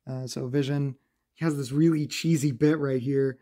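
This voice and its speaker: A man recapping a comic book in a casual, chatty review, laughing often and filling pauses with "uh". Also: mid-range voice, steady tone, mellow.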